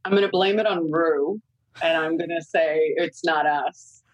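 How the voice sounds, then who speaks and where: A woman's voice: low-pitched, steady tone, unhurried, no echo, low-quality recording. A woman in her forties, a podcast guest, chatting candidly about raising young kids and swearing freely. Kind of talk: casual podcast chat.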